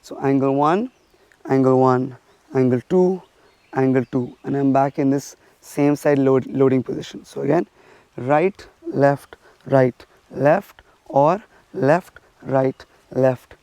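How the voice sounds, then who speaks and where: A man's voice: mid-range voice, steady tone, takes it slowly, warm tone, no echo. A martial arts instructor from India, a man, explaining and demonstrating stick drills while counting strikes aloud.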